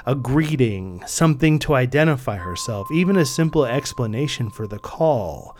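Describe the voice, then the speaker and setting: A man reading his own fiction aloud as narrator, in a measured, deliberate storytelling manner. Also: medium pitch, expressive, darkish tone, a little hiss or hum. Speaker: author and narrator.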